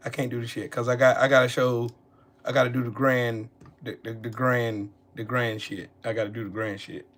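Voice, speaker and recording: Man hosting a live reaction stream, mid-pitched voice, casual, halting, keeps cutting in with repeated words. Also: little pitch movement, fairly bright tone. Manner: keeps cutting in to pause clips, halting and repetitive.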